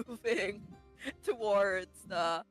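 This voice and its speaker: A woman's voice: medium pitch, extremely slow, a bit bright, faint music behind, low-quality recording. Giggly stammering woman player. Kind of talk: casual chat in a tabletop game.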